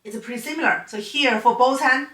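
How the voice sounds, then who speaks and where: Speaking briskly in a high voice, a woman explains piano playing technique patiently in an online lecture. She teaches piano, Chinese is her first language, and her phrasing sounds non-native. The mic is distant, the room echoes, and she comes across a bit off-mic.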